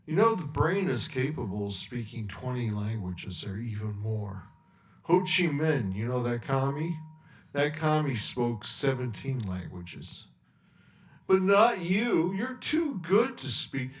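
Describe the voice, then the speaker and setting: A man's voice: mid-range voice, sing-song, takes it slowly. A man hosting a sarcastic, mocking rant monologue. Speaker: host. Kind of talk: ranting monologue. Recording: echoey room, distant mic.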